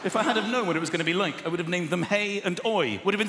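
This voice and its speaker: A man in his thirties doing a stand-up comedy routine, acting out voices with big shouts and gasps. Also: high-pitched, racing, hardly any pauses. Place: large theatre stage before a live audience. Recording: echoey theatre with long reverb and crowd noise.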